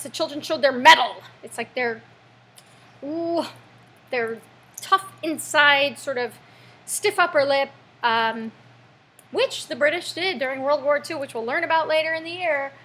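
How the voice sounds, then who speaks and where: A young American woman, an English teacher, running a vocabulary lesson with playful, jokey asides and a slightly breathy voice. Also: high voice, sharp tone.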